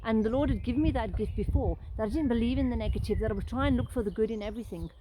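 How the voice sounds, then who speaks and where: Fast-talking earnest woman sharing faith. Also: on the high side, background noise. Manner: earnest, rambling storytelling with restarts. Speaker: Christian vlogger sharing encouragement. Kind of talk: casual live-stream testimony.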